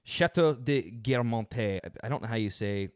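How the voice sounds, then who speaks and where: A man's voice: medium pitch, animated, moderate pace, clear, resonant tone, no room sound. A man co-hosting a podcast, bantering in a dry, teasing way and correcting the others. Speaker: podcast co-host. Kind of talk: casual movie review chat.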